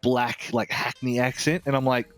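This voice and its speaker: A man's voice: medium pitch, steady tone, moderate pace, faint music behind. Rambling, swearing Australian man. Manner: rambling, candid, swears freely. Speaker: game reviewer. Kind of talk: casual review chat.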